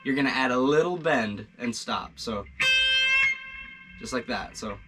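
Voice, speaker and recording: A man teaching beginner guitar licks in a casual video lesson, relaxed and encouraging, with plenty of fillers and restarts. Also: medium pitch, a little slow.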